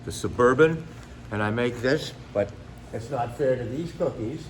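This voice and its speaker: A man's voice: medium pitch, normal speed, a little hiss or hum. An older man, a stand-up comedian, chatting casually and jokily in an interview, rambling with many asides. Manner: rambling, jokey, full of fillers and asides.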